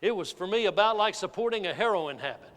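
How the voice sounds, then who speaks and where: A man giving a keynote sales speech, telling a folksy, animated story to a live audience. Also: high-pitched, quick pace. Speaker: motivational sales speaker. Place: large hall with an audience. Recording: reverberant hall.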